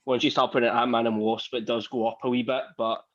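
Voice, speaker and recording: A man in casual podcast chat, speaking in a flat, even tone. His recording is dry and slightly muffled. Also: mid-range voice, fast talker, no echo. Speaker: podcast co-host.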